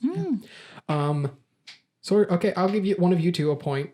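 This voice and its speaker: A man's voice: high voice, very animated, moderate pace, dark tone. A man hosting a casual podcast quiz, reading idiom origins aloud with stumbles and laughs. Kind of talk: casual group podcast chat.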